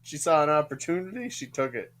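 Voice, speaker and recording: A man's voice: fairly high pitch, very animated, fairly quick, a bit bright. A man co-hosting a podcast, joking and teasing in casual chat. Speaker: podcast co-host.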